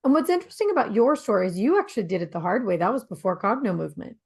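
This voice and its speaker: Heavily gravelly, husky woman. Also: mid-range voice, sing-song, racing, darkish tone. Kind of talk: casual conversation.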